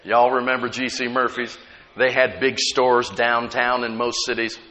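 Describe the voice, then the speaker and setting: A middle-aged man preaches a sermon. He reads scripture dramatically and breaks off to explain it to the congregation. His voice is bright and rings out, and a long hall reverb trails each phrase. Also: medium pitch, little pitch movement, moderate pace.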